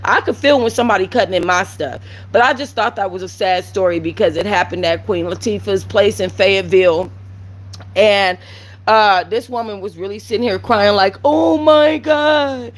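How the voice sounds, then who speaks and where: A woman's voice: medium pitch, a little fast. A woman hosting a casual commentary show, blunt and sassy as she talks to her viewers. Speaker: commentary channel host.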